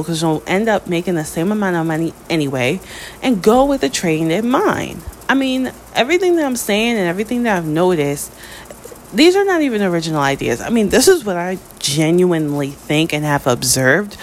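An American woman delivering a spoken opinion monologue, emphatic, with her pitch rising on key points. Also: a little hiss or hum. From United States.

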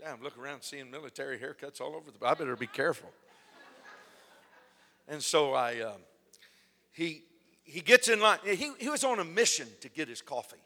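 A man preaching a sermon, telling a story with lively delivery and acting out the lines of the people in it. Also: a little high, fairly quick, pauses often. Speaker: pastor. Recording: long hall reverb.

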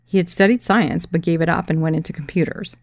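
Brief: woman narrator, memoir read, wry and dry, gravelly low voice, dead-dry sound. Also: steady tone, fast talker, no room sound.

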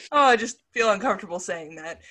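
A woman's voice: mid-range voice, bright, forceful tone. A woman hosting a casual podcast, reading quiz quotes aloud, giggly and self-conscious, and refusing to put on accents. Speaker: podcast host.

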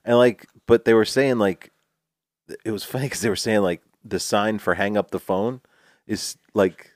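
Deep-voiced male co-host, dry close sound, quick laughing reactions. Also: a little mellow, dry recording. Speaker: podcast co-host. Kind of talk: casual chat.

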